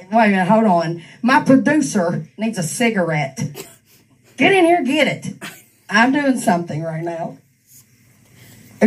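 A woman's voice: medium pitch, distant mic, low-quality recording. A woman on her couch reading out a troll's texts and mocking him in a crude, profane rant, laughing often. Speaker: streamer ranting at an online troll. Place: on a couch at home. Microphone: handheld microphone.

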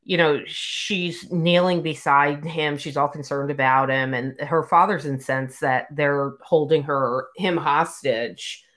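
A woman's voice: low voice, steady tone, slow, hardly any pauses, a bit bright. A woman casually discussing a book with a co-host, retelling scenes and acting out the characters' lines.

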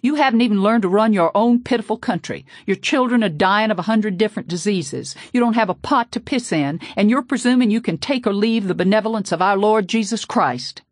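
A woman voicing an American preacher man, a stern, red-faced figure who shouts with booming scorn. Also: big pitch swings, fairly quick, slightly rough, dry recording, clean studio sound, full character voice. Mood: enraged.

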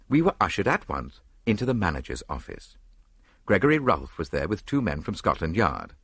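Man narrating a story, husky voice, close dry sound. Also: low voice, huge pitch swings, a bit bright, no echo. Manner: measured first-person storytelling. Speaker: audiobook narrator. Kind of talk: scripted narration.

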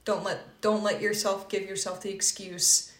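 A woman co-hosting a podcast in casual chat, animated and loose, swearing casually. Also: medium pitch, moderate pace. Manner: animated, swears casually, mimics voices when retelling. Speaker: podcast co-host. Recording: echoey room with faint noise.

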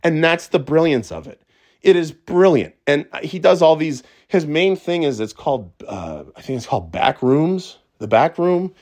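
A middle-aged man talking casually as a podcast host, excitable and stumbling over restarts, swearing freely. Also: on the high side, moderate pace. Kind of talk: casual monologue.

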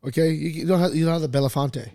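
Animated chatty man, bit high, dry mic. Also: very fast, no echo. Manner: animated, swearing, laughs at his own jokes. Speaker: podcast host. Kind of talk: casual chat.

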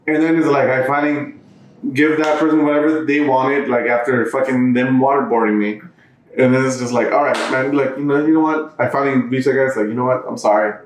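A man's voice: mid-range voice, fairly even intonation, fairly quick, reverberant, a little hiss or hum, poor audio. A man who works as a bartender, telling a long story in casual chat with lots of restarts and fillers. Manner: rambling, many restarts and fillers. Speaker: bartender, podcast co-host.

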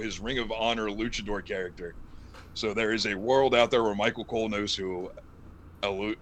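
A man co-hosting a wrestling podcast, talking in a casual, animated and jokey way with rambling asides. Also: medium pitch. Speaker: podcast co-host.

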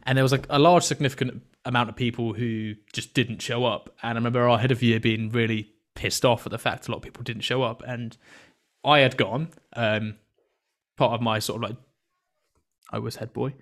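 A man's voice: medium pitch, steady tone, brisk. Young British man, podcast host, laughing, teasing, storytelling. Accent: British English. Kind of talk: casual chat.

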